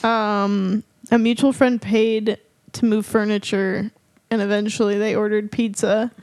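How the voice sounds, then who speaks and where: A woman co-hosting a casual podcast, retelling posts in an animated way and laughing often. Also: medium pitch, a little slow, clean tone, no room sound. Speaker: podcast co-host.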